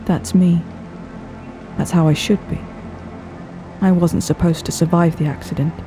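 A woman voicing a haunted, terrified male artist who speaks in a hollow, broken, hushed voice. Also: fairly low pitch, fairly even intonation, a little slow, over music, close to an everyday voice.

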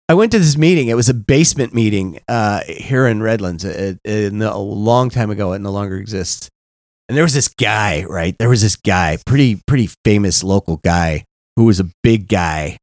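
A middle-aged man co-hosting a podcast, telling candid, profane stories in a casual, animated way. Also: lowish voice, normal speed, dry recording, studio quality. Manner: blunt, profane, animated, frequent "right?". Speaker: podcast co-host.

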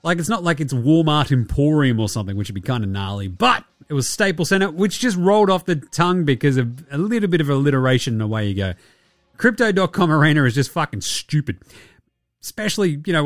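Hosting a casual basketball podcast, a young Australian man speaks in a voice on the high side, sarcastic and profane, often slipping into mocking voices for the people he talks about. The audio is studio quality with no echo.

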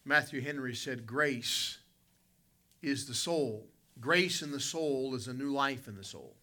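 A man's voice: medium pitch, unhurried, sharp tone. A man, preaching a sermon and telling a folksy personal story, calling out to people in the congregation. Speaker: pastor.

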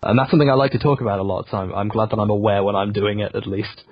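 A man's voice: on the low side, rapid-fire, slight background noise. A young man from Yorkshire with a generic southern English accent, talking in a rambling, self-deprecating way full of fillers as an interview guest over a muffled remote call. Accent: generic southern English, not Yorkshire. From Yorkshire, England. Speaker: video essayist guest. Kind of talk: casual interview conversation.

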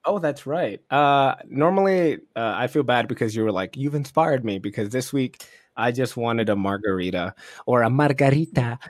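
A man hosting a casual podcast chat, laid-back and quick to laugh, with plenty of fillers. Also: mid-range voice, expressive, no echo, clean studio sound. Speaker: podcast host.

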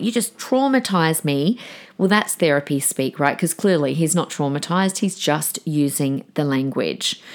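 A deep-voiced woman in her forties talks straight to her listeners on her own podcast. She is chatty and frank, with a low, grounded pitch. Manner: chatty, direct, addresses listeners as guys. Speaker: podcast host. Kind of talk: solo podcast talk.

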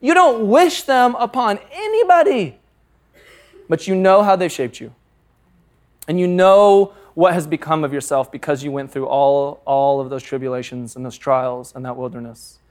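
A man in his thirties preaching a sermon with a high, clear, resonant voice. He tells candid personal stories with humor and often laughs as he goes. His manner is casual and open. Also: normal speed. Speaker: pastor.

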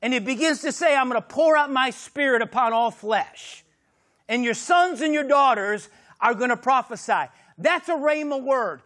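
A man preaching a sermon as pastor, swinging from shouted exclamations to hushed, intimate lines. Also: very high-pitched, normal speed.

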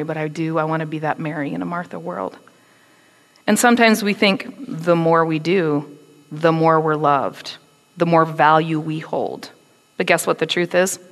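A woman giving a conversational, animated sermon, acting out quotes with attitude. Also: lowish voice, long reverb tail. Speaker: preacher.

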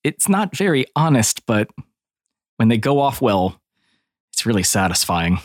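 A man's voice: mid-range voice, very animated, a little slow, no room sound, clean studio sound. A man voicing a male paladin and former soldier who enjoys setting ambushes, speaking in a polite, formal way. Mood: sly, formal. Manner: polite, formal, quietly pleased with himself. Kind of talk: tabletop role-play in character.

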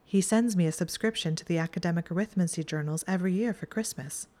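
A woman's voice: lowish voice, fast talker, warm tone, lightly acted. A woman reading a prim bookish young witch. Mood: brisk, prim.

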